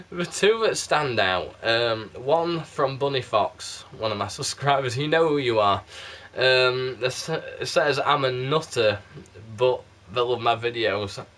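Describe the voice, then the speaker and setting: Talking straight to camera, this South Yorkshire man reviews candles on YouTube, rambling, chatty, and quick to poke fun at himself in a mixed local accent. His everyday mid-pitched voice is bright and forceful, picked up by a PlayStation camera mic.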